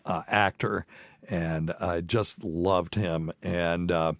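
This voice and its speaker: Middle-aged male podcast host, light Southern accent, low voice, dry close sound, folksy and rambling. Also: steady tone, slow pace, dry recording. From mountains of North Carolina. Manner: rambling, folksy, many fillers and restarts. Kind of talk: casual chat.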